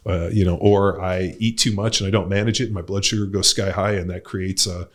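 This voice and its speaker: A man's voice: low voice, fairly even intonation, a little fast. A middle-aged man hosting a podcast, talking in a loose, rambling way with lots of fillers and blunt swearing. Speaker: podcast host and coach. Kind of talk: casual podcast chat.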